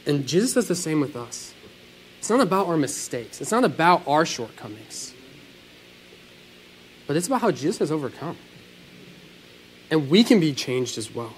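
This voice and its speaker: Pastor, male. Earnest sermon delivery, high and very lively pitch. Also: normal speed, long pauses, a little hiss or hum, rough recording. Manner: animated, earnest preaching with sudden swells and drops.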